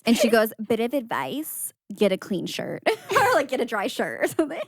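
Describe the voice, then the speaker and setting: A young woman co-hosting a podcast, casually recapping a movie with lively quoted voices and frequent laughter. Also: moderate pace, no room sound, studio quality. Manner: animated storytelling with high-pitched quoted voices and frequent laughs. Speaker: podcast co-host.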